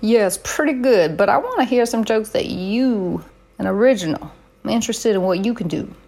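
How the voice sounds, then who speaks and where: Deadpan punning comedy host, woman. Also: medium pitch, normal speed, vocal fry. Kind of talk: comedic banter.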